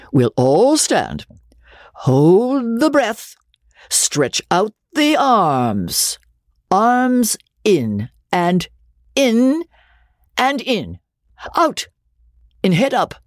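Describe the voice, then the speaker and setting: A woman voicing a fussy, exacting theatrical elocution teacher with husky, drawn-out enunciation. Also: lowish voice, very animated, a little mellow, dry recording, studio quality, voice pushed up, exaggerated voice. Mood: commanding. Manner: drilling, exaggerated enunciation. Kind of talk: audiobook reading.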